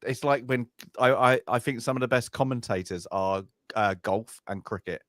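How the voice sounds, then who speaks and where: A man co-hosting a casual film review chat, halting often and searching for his words. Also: mid-range voice, no room sound, studio quality. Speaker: podcast co-host.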